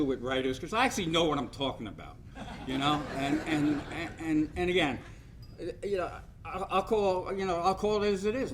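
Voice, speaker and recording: Older New sportswriter at a banquet podium, chatty and self-deprecating, light hum behind. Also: male voice, high voice, a bit bright. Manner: rambling storyteller, self-deprecating jokes. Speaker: sportswriter giving hall of fame speech. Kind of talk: after-dinner speech with anecdotes.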